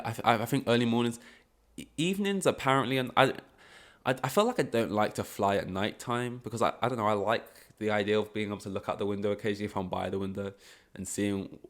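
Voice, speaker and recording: Rambling young man, low voice. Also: a little fast. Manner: rambling, self-correcting, frustrated asides. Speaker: podcast host. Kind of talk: casual solo podcast chat.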